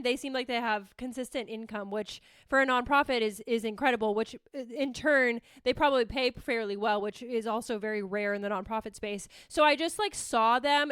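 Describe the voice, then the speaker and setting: A high-pitched young woman hosts her podcast in a bubbly, rambling way, swearing casually and restarting her sentences. Her voice is bright and forward. She is recorded close on a dry microphone with no room sound. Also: a little fast, few pauses, clear, resonant tone, no room sound. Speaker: podcast host. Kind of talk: casual solo podcast chat. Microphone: close podcast mic.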